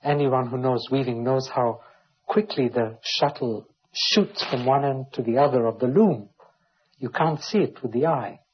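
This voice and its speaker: A man's voice: medium pitch, measured pace, a little hiss or hum. A man preaching a Bible teaching sermon, reading scripture aloud and explaining it verse by verse. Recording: dull lo-fi recording.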